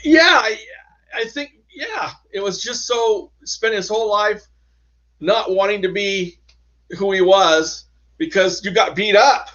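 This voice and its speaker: A man, an author, telling personal stories as an interview guest, halting and restarting often as he talks. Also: high voice, a bit bright. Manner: halting, with many restarts and trailing phrases. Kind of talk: casual interview storytelling. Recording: dull lo-fi sound.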